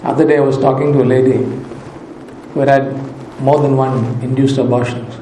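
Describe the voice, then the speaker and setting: Mellow man preaching in a roomy hall. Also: medium pitch, flat delivery, normal speed, slight background noise. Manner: emphatic, repeats key phrases for weight. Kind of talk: sermon.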